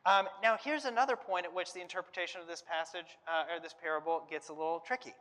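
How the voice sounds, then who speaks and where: A man teaches a conversational Bible lesson at a quick pace, his voice a little high, steady, and sharp. He hedges and restarts often as he thinks aloud, and the sound has a long hall reverb.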